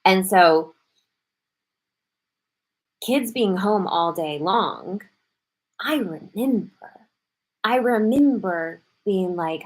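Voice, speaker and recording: A middle-aged woman hosting a live morning show, talking casually and animatedly, quick bursts broken up with playful acted-out quotes. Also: mid-range voice, lively intonation. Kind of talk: casual live-stream talk.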